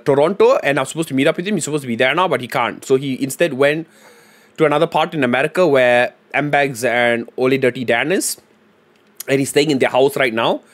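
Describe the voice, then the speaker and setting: A young man from Singapore chatting casually on a livestream, joking and rambling. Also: mid-range voice. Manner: joking, rambling, lots of fillers and "bro". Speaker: streamer.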